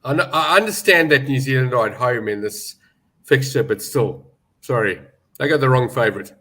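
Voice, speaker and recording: A man's voice: mid-range voice, moderate pace, fairly bright tone. A man giving betting opinions as a pundit, confident and emphatic, with some joking. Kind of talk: casual sports betting chat.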